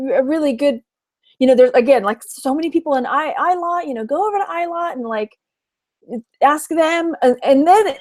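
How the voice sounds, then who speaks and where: A woman's voice: high-pitched, darkish tone. A woman from Texas chatting casually on a livestream, laughing often and reading out viewer comments. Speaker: online reseller and livestream host.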